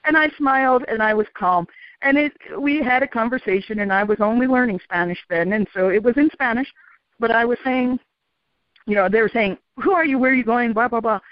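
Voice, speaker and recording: A woman telling a story as an interview guest, calm and animated, often laughing. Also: on the high side, fairly quick, no room sound. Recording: dull, dry radio sound.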